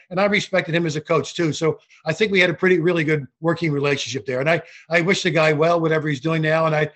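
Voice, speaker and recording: An older man, a former referee, telling animated anecdotes in a casual interview, with frequent restarts. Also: fairly high pitch. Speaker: guest, former basketball referee.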